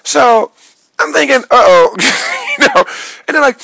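A man telling a wild dream story as a casual vlog monologue, excitable and swooping between high yelps and low mutters, in a small dry room. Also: moderate pace, creaky, no echo, rough recording. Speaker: vlogger recounting a dream.

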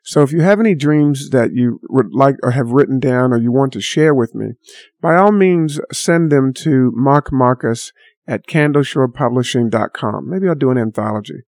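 A man's voice: medium pitch, normal speed, a little mellow, no echo, studio quality. A man telling a story in a casual, rambling monologue, full of fillers and restarts.

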